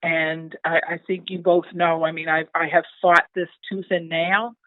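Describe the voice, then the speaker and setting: A woman's voice: fairly low pitch, level tone, moderate pace, no room sound. An older woman, a town mayor, speaking earnestly and from the heart in a casual interview, often restarting her sentences. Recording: tinny phone-line audio.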